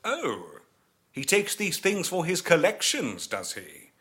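A man voicing a reserved gentleman staying as a house guest, who speaks curtly and dryly. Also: fairly high pitch, huge pitch swings, takes it slowly, soft background music, pitched above the performer's own voice, full character voice. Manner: curt, reserved.

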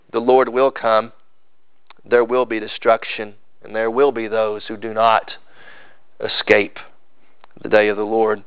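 A man preaching a sermon as pastor, moving from loud emphasis to hushed, drawn-out intensity. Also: medium pitch, clean tone, no echo. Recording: slightly dull, dry sound.

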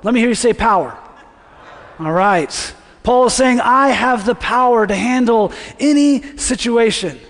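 A man with a high voice preaches to his congregation in a relaxed, conversational way, often asking them to say words back to him. His voice rings out with the long reverb of a large church sanctuary. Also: a little slow. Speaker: pastor. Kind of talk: sermon.

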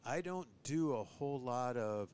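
A man who trains bird dogs, chatting on a podcast and giving tips, who often acts out owners and dogs in a higher voice. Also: a little slow, slight background noise. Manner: animated, mimics owners and dogs in a high voice. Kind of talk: casual podcast chat.

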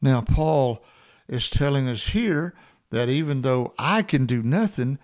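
A man teaching from the Bible in a conversational sermon, earnest, with frequent fillers and restarts, who slows down and lifts his voice to repeat key verses. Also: medium pitch, expressive. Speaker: preacher.

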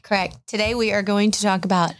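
A woman's voice: mid-range voice, fairly even intonation, fast talker. Woman podcast cohost, chatty and self-deprecating, lots of likes and ums. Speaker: podcast co-host. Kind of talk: casual podcast chat.

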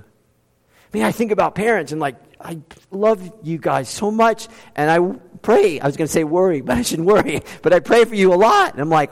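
A pastor preaching a conversational sermon, reading scripture aloud and dropping in humor, with quick bursts and slowed-down emphasis. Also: male voice, high-pitched, expressive, vocal fry. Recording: long reverb of a large hall.

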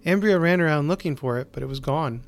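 Measured male short-story narrator. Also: a little high. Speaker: host and narrator.

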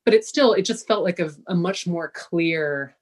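A woman's voice: fairly low pitch, normal speed. A middle-aged woman, a healer and guest, telling a personal story in a casual interview and acting out the things people said. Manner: lively storyteller who acts out quoted speech.

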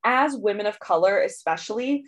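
A woman's voice: mid-range voice, expressive, moderate pace. A woman business coach speaking candidly in a solo podcast monologue, chatty with frequent "like" and "right?" asides and easy laughter.

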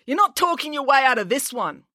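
A woman's voice: high-pitched, big pitch swings, fairly quick, no echo, clean studio sound, voice pushed up, heavily acted. A woman voicing a blustering male police constable who barks orders indignantly. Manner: shouty, indignant, barking orders.

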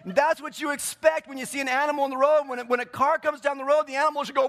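A man preaching a sermon in a church, swinging between loud, emphatic bursts and quieter scripture reading. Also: very high-pitched, little pitch movement, fast talker. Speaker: pastor. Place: church sanctuary.

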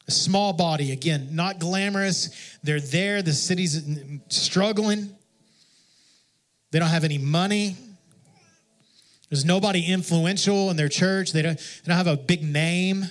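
A pastor with a high-sitting voice preaches at a measured pace, telling stories in a conversational, self-deprecating way. He often restarts his sentences.

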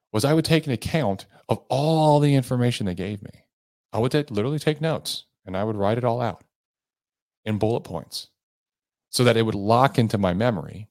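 A man's voice: medium pitch, a little mellow, dry recording, clean studio sound. A man hosting a sales coaching podcast, talking earnestly and with emphasis. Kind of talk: motivational podcast monologue.

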